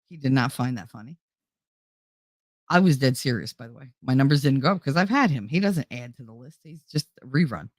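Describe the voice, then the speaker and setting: A woman's voice: a bass voice, animated, a little fast, no room sound. Woman, 40s, host: blunt and profane casual storyteller, dry close sound.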